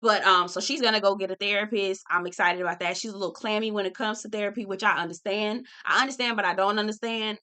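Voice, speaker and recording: Chatty bright-voiced woman recapping a show. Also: mid-range voice, fairly even intonation, fast talker, hardly any pauses, clean tone. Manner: candid, chatty, swears and talks to viewers as "girl" and "y'all". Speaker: reality TV recap host. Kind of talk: casual chat.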